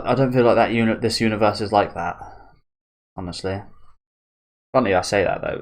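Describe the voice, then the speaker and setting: A man hosting a manga reaction, chatting casually and musing aloud as he reads, often restarting phrases and chuckling. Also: deep voice. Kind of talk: casual commentary while reading a manga.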